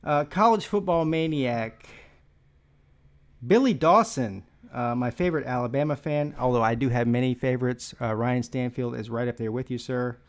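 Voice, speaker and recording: Out-of-breath man, sports stream host, loose and joking, mid-pitched voice. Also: normal speed. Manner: rambling, joking, many fillers. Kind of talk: casual live-stream chat.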